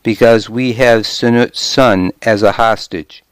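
A man's voice: lowish voice, fairly even intonation, slow pace, clear, resonant tone, dry recording. A man reading the part of an earnest, trusting male warrior lord who speaks plainly and sincerely.

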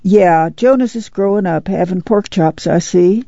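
A man's voice: high voice, a little slow, gravelly, mellow, no room sound, dull audio. A man reading aloud voices a stout, nosy neighbor woman making chatty small talk.

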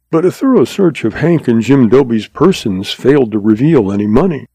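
A man narrating a story in an even, measured reading. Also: medium pitch, slightly rough, no echo.

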